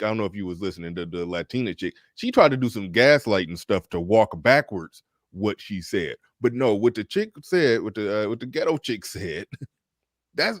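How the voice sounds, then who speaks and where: A man's voice: lowish voice, no echo, clean studio sound. A man talking in a laid-back, slangy way during a casual reaction chat.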